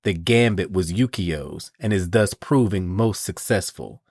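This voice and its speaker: A regal heroine with power over the weather speaks in a calm, reflective way. A low-voiced man does the part. The sound is dry and close to the mic. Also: a little slow, no echo. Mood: composed. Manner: composed, reflective.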